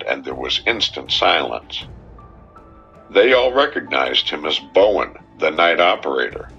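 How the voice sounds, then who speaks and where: A man narrates a crime story at an unhurried pace, his deep voice swinging widely in pitch. His tone is husky yet bright and forceful. The recording sounds dull and lo-fi, with faint music underneath. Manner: measured, dramatic storytelling. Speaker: audiobook narrator. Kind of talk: scripted narration.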